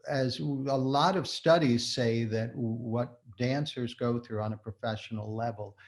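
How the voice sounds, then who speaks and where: An older man, a guest in a casual interview, telling stories in an animated way with frequent laughter. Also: mid-range voice, unhurried. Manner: animated storyteller, laughs often. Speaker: guest, shoemaker and former performer.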